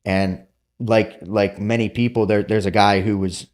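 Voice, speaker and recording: Middle-aged male guest, low voice, animated storyteller, casual podcast chat. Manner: animated, quick asides, acts out quotes. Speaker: podcast guest, former Navy SEAL.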